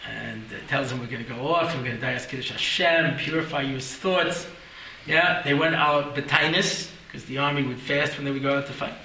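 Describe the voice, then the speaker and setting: A man's voice: medium pitch, normal speed, pushed and bright, echoey room, a little hiss or hum, rough recording. A man teaching a Torah class, telling stories with jokes and acted-out voices and often checking in with "yeah?".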